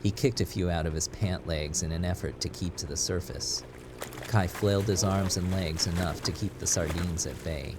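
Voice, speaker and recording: A man reading a scripted story as narrator, in a steady, measured way. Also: deep voice. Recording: audible background noise.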